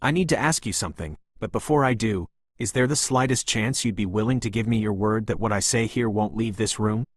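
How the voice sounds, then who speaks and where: A man voicing a composed, guarded young pregnant woman who talks in a steady, restrained, slightly brusque way. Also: fairly low pitch, a little fast, hardly any pauses, no echo, studio quality, close to an everyday voice.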